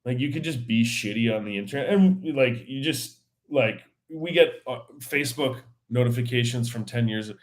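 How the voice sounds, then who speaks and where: A man's voice: medium pitch, normal speed, few pauses. A man hosting his own podcast, chatting casually on his own in a rambling, slangy way with many fillers and restarts. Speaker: podcast host. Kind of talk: casual solo chat.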